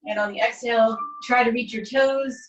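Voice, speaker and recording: Fitness instructor, woman, higher voice, calm step-by-step stretch cues, laptop mic set back in an echoey room with faint music. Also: normal speed, distant mic, highs cut off. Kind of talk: guided stretching class.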